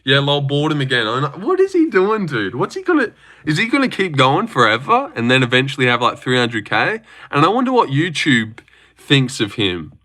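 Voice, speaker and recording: Brash, bright-voiced Australian young man. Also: moderate pace. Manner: animated and brash, swears a lot, big pitch jumps. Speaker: livestream host. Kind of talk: casual livestream chat, reading viewer comments.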